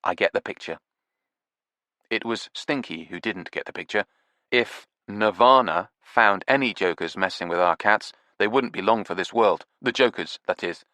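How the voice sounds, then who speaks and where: Low, dry-voiced male audiobook narrator. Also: moderate pace, pushed and bright, no echo. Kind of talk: scripted first-person narration.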